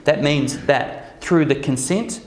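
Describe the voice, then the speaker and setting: A man's voice: fairly high pitch, slow pace, reverberant, faint music behind. A man giving a casual workshop talk to a live group, keeping it conversational and checking in with the listeners through frequent "okay?" and "right?" asides. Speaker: workshop presenter.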